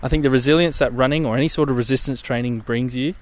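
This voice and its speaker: A man's voice: mid-range voice, steady tone, fast talker, background noise. A young man hosting his own podcast, chatting casually in a rambling way and swearing now and then. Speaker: podcast host. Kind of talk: casual solo podcast chat.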